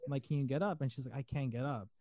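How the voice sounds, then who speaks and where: A man's voice: mid-range voice, rapid-fire, dark tone, no echo. A man co-hosting a casual podcast, telling a long story with lots of fillers and restarts. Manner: rambling, many fillers and restarts. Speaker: podcast co-host.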